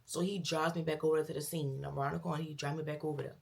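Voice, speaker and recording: Young woman, low gravelly voice, chatty storytime vlogger who acts out the dialogue. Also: rapid-fire. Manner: animated retelling with quoted dialogue, addresses viewers as girl and y'all. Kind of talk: casual storytime.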